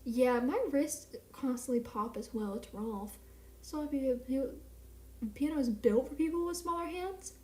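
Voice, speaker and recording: A young woman chats through a late-night live stream in a somewhat high voice. She rambles and mocks herself. Her voice rings a little in an echoey room at home. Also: unhurried, a little mellow. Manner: chatty, rambling, self-mocking. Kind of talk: casual live-stream chat. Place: small home apartment at night.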